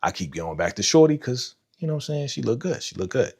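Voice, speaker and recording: A man hosting a live stream, giving casual, animated reaction commentary full of slang and talking to chat viewers by name. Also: mid-range voice, quick pace, breathy edge. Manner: animated, slangy, retells scenes with voiced quotes. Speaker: livestream host reacting to a TV episode.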